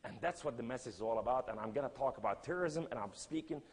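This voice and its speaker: Husky preacher man in a reverberant hall. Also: mid-range voice, lively intonation, quick pace. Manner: emphatic, with big swings between loud cries and hushed lines; non-native English grammar. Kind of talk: sermon storytelling.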